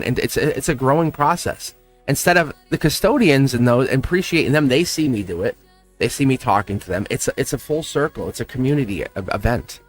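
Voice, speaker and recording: A man's voice: medium pitch, fairly bright tone. A man hosting a tarot reading livestream, talking in a chatty, encouraging way and laughing often. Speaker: tarot reader and livestream host. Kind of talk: casual livestream chat.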